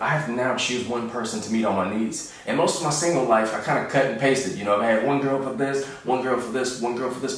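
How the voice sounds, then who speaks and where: A man in his thirties, a comedian telling stories in a relaxed, joking way and acting out the voices of the people in them. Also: medium pitch, very echoey, far from the mic. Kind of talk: casual storytelling monologue.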